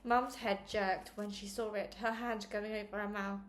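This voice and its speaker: A woman who hosts a read-along channel, chatty and upbeat before reading a chapter aloud in a steady narration. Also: medium pitch, normal speed, a little hiss or hum. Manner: chatty and upbeat, self-deprecating. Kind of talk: casual intro, then read-along narration.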